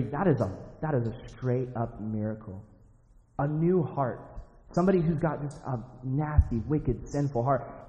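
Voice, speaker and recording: A man's voice: medium pitch, mellow. A young man giving a sermon in a casual, emphatic, conversational way, full of "like" and vivid asides. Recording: dull sound in a reverberant hall.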